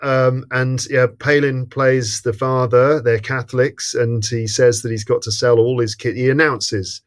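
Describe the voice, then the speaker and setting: A man from England hosting a podcast, recounting film scenes in a relaxed, amused way. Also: medium pitch, unhurried. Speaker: podcast host. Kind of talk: casual film discussion.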